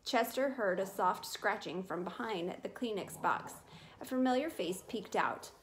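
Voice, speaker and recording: A woman reading a children's chapter book aloud at a medium pitch, in a clear and steady storytelling manner. Faint background noise sits behind her voice. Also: a little slow. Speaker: reader.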